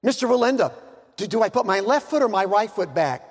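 A man voicing a frightened man stuck up on a high wire, stammering and pleading. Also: sing-song, fairly quick. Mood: panicked. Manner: stammering, panicky. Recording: long hall reverb.

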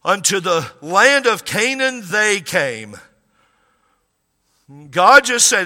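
A middle-aged preacher with a high, piercingly bright voice, hammering his points and repeating them for weight. His voice rings through a church hall with a long, trailing reverb. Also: big pitch swings, slow pace, long pauses. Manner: emphatic, repeats key lines, drops quiet for asides. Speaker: pastor. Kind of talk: sermon.

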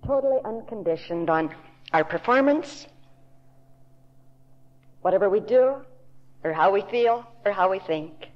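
Slow, deliberate woman preacher, lo-fi tape. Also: medium pitch, lively intonation. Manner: slow, deliberate, emphatic storytelling with quoted voices. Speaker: Bible teacher. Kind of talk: recorded sermon to a women's audience. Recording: dull lo-fi tape recording.

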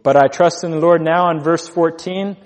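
A man's voice: fairly high pitch, steady tone, normal speed, big-room sound. A man preaching a sermon as pastor, earnest, repeating key phrases for emphasis.

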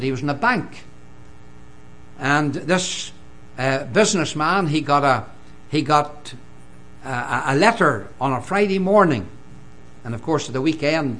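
An older man with a Northern Irish accent preaches a sermon with emphasis, moving back and forth between loud declarations and quiet, low lines.

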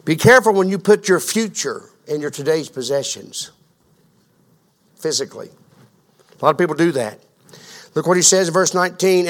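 A man preaching a sermon as pastor, asking the congregation questions and building to a fervent, loud delivery. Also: a little high, expressive, normal speed, pauses often. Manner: grows louder and more fervent.

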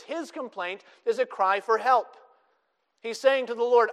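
A man's voice: extremely high pitch, expressive, moderate pace, in a large hall. A man preaching a sermon, explaining scripture and quoting it with emphatic rises and drops. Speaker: pastor.

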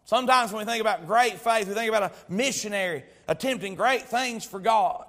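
High-pitched guy pastor giving a sermon, tells funny stories, drags out the big words. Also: a bit bright. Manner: storytelling with humor; preaching with drawn-out emphasis.

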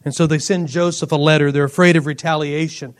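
Speaking briskly, this middle-aged preacher has a high-pitched voice and shares personal stories with his congregation in a lively way, breaking into laughs from time to time.

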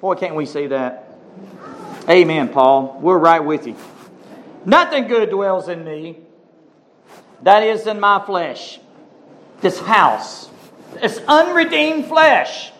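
Male pastor, fairly high voice, emphatic and animated, reads scripture and comments to the congregation. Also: takes it slowly, long pauses. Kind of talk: sermon with scripture reading.

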